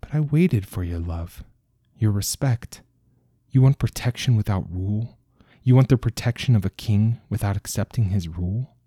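A proud, ancient immortal king of the desert thunders at his people, as a male narrator puts him on. The voice sits low and dark, grave and wounded, recorded close and dry. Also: normal speed, slightly rough, no room sound. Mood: wrathful. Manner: grave, bellowing in anger.

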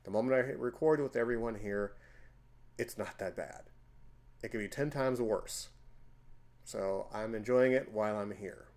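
A man in his forties hosting a casual podcast chat, telling stories with loud, emphatic bursts. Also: fairly low pitch, moderate pace, long pauses. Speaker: podcast host.

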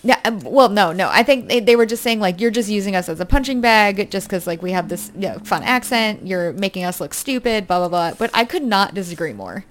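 A woman's voice: mid-range voice, lively intonation, fairly quick, few pauses. A woman in casual conversation about a film, agreeing eagerly and laughing often. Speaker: podcast co-host.

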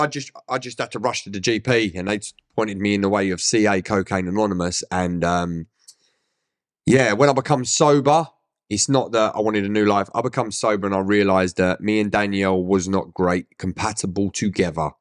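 A man's voice: lowish voice, moderate pace, no echo, studio quality. A man in his thirties with an Essex accent, telling his story candidly in an interview, swearing and acting out conversations. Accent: Essex English. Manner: blunt, swears, acts out quoted dialogue. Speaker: interview guest.

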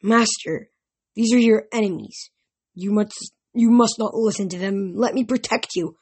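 A sneering, arrogant ghost king with a husky, breathy edge, as a woman reads him aloud in a storybook. He talks down to everyone, smug and mocking. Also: mid-range voice, unhurried, darkish tone.

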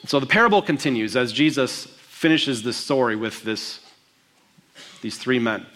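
A man preaching a sermon, asking the congregation questions and acting out the lines of the parable with slow, stressed delivery. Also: mid-range voice. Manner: expressive preaching, acting out quotes with slowed emphasis. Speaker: pastor.

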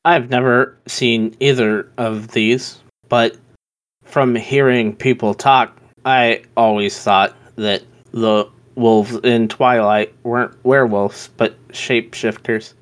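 A man playing a tabletop game offers a thoughtful aside. He speaks very slowly and deliberately. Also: mid-range voice, steady tone. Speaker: player. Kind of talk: casual tabletop game chat.

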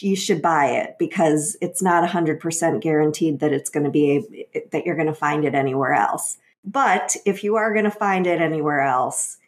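A woman co-hosting a casual podcast, chiming in playfully. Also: low-pitched. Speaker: podcast co-host. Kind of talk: casual chat.

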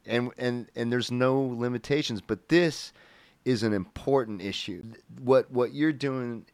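Guy hosting a podcast, smooth clear voice, super dry close sound, gets all fired up and stumbles over his words a bit. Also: medium pitch, measured pace, no echo. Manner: enthusiastic, repeats words as he talks. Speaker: podcast host. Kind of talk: casual interview chat.

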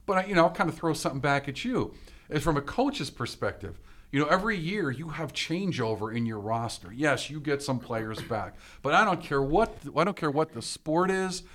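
A man's voice: fairly high pitch, lively intonation, normal speed, a bit bright. A man co-hosting a casual chat, asking follow-up questions and using lots of fillers. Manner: probing, asks follow-up questions, uses many fillers. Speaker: podcast co-host.

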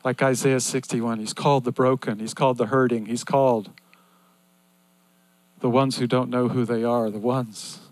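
An older man preaching a sermon in an earnest, repetitive cadence that swings between loud and hushed. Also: mid-range voice, flat delivery, normal speed, no echo.

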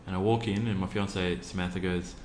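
A man's voice: deep voice, fairly even intonation, brisk, darkish tone, roomy sound, slight background noise. A man with an Australian accent speaking in an interview, earnestly telling a personal story with many ums. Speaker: interview guest, youth program founder.

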